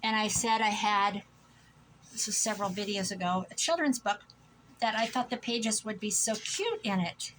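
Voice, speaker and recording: A woman's voice: medium pitch, normal speed, fairly bright tone, slight background noise, rough recording. A middle-aged woman from Iowa chatting casually to camera about her thrift finds, gushing and rambling. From Iowa, USA. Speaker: thrift vlogger. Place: home room.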